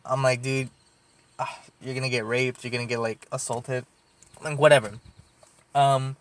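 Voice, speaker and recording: In casual, rambling chat, a young man tells a long podcast story packed with fillers, swearing, and frequent laughter. His voice is mid-range with a fairly bright tone, and there's no echo.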